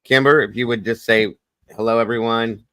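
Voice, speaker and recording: A man's voice: medium pitch, fairly even intonation, moderate pace, sharp tone, no room sound. A man with a Southern US accent hosting a casual livestream chat, folksy, repetitive and upbeat. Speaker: host.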